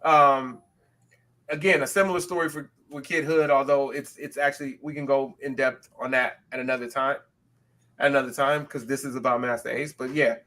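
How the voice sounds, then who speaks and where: A man from the West Coast of the US co-hosting a podcast in casual chat, talking animatedly with quick self-aware asides. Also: medium pitch, steady tone, bright, forceful tone. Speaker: podcast co-host.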